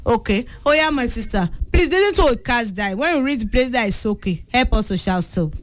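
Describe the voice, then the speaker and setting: A woman's voice: a little high, lively intonation, fairly quick. A young Nigerian woman with a Yoruba-influenced accent hosting a call-in radio show, chatty and bubbly, slipping in and out of Yoruba. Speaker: radio presenter taking callers. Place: radio studio.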